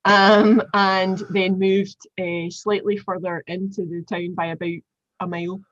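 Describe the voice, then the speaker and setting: A Glaswegian woman in her forties, a guest telling animated stories in a casual chat with lots of fillers. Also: fairly low pitch, measured pace, no room sound, dull audio. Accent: Glaswegian Scottish. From Glasgow, Scotland. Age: 40s. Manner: animated storyteller, chatty with many fillers.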